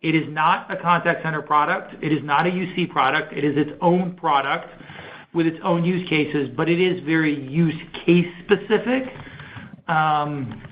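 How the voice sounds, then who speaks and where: A man's voice: fairly high pitch, moderate pace, muffled recording, a little hiss or hum. A man, a company executive, answering analyst questions on an earnings call in an enthusiastic, conversational way with many fillers.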